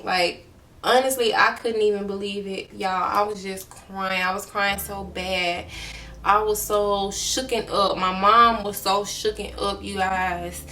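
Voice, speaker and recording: A woman's voice: mid-range voice, fairly even intonation, unhurried, pushed and bright, recorded from a distance. A young woman from Alabama telling an emotional storytime to her viewers, talking straight to them. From Mobile, Alabama. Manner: earnest, emotional retelling, addresses viewers as y'all. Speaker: vlogger. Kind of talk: storytime vlog.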